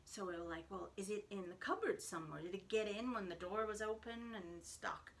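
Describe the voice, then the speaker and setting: A middle-aged woman, hosting a casual podcast and telling a lively story, acting out what each person said. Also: mid-range voice, a little fast, a little hiss or hum. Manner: animated storyteller, acts out quoted voices. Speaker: knitting podcast host.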